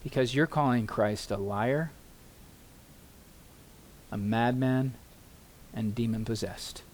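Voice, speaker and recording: A pastor preaching an earnest sermon to his congregation in a church. He pleads with his listeners in slow, emphatic phrases and tells them a story. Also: medium pitch, a little mellow, a little hiss or hum.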